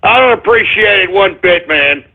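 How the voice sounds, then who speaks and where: Man, radio host, comedic rant, exasperated, high lively voice, tinny lo-fi sound. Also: moderate pace, creaky. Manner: exasperated, swings between muttering and shouting. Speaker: internet radio show host. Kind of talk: comedic ranting radio monologue. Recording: tinny phone-like lo-fi audio.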